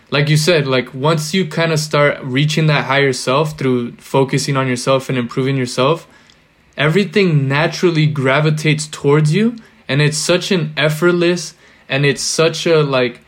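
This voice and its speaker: A man's voice: on the high side, normal speed. A young man in casual podcast chat, rambling with lots of filler words and loose slang. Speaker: podcast guest or co-host.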